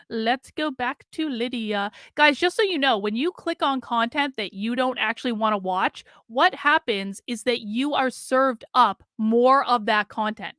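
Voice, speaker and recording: A woman hosts a livestream in a blunt, chatty way, full of fillers. Her voice is bright and pitched a little high. The sound is close and dry. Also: no room sound. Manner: blunt, conversational, many fillers. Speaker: livestream host. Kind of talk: livestream commentary reading chat.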